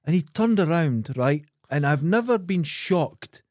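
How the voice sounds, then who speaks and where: A man's voice: a little high, lively intonation, a little slow, a little mellow, no room sound. Sweary Scottish man, dry close sound. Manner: sweary, teasing storyteller. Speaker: podcast co-host. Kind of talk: casual chat.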